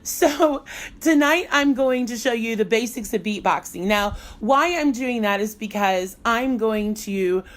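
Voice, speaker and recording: A woman's voice: on the high side, expressive, a little slow. Chatty, playful middle-aged woman teacher. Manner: chatty and playful, laughs often. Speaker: music teacher and blogger. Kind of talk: casual live online teaching demo.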